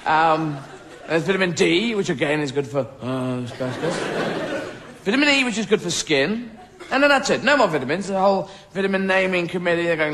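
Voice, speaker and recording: English male stand-up, lively high voice, rambling and playful, noisy live room. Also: a little fast, crowd noise. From England. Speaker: stand-up comedian. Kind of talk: stand-up comedy. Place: stage in front of an audience.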